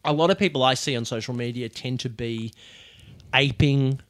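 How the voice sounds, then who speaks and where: A man's voice: mid-range voice, moderate pace, fairly bright tone, no echo. A man chatting loosely on a comedy podcast, restarting his thoughts as he goes. His voice is dry and close, with no room sound. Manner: rambling, self-interrupting musings. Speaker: podcast co-host. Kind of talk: casual banter.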